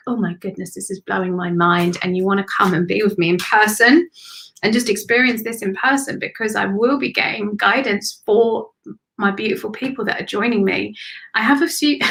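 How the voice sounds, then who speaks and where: A woman gives intuitive card readings to viewers in a calm, unhurried voice. She repeats phrases softly and often sinks into near-whispers. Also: a little high, gravelly, rough recording. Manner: soothing, slow, repeats phrases, drops to whispers. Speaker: spiritual reader giving card readings. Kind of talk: live-stream intuitive reading.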